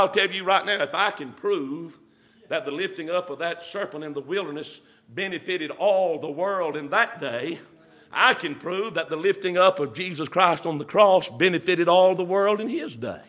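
Earnest and old-fashioned, this preacher's sermon comes in a high, bright, forceful voice. His phrases stretch out, dotted with frequent "uh" fillers, then climb into emphatic bursts.

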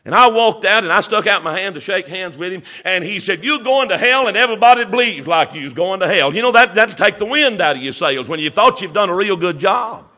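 High, bright-voiced preacher man. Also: lively intonation, a little fast, few pauses. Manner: preaching with rising, emphatic bursts and many "uh" fillers. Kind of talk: sermon.

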